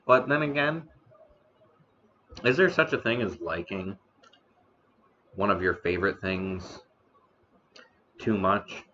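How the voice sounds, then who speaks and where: A man hosting a casual live stream about the history of noodles, talking slowly with many fillers and restarts, eating now and then. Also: low-pitched, pushed and bright, highs cut off, a little hiss or hum. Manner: eating on stream between remarks. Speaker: streamer host.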